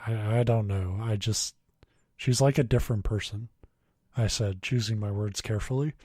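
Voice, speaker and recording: A man's voice: on the low side, normal speed, darkish tone, husky, no echo, clean studio sound. A man co-hosting a podcast, chatting loosely, swearing and laughing, and reading a horror story aloud in a plain voice. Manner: swears freely, laughs often, reads quoted dialogue plainly. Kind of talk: casual chat and story reading.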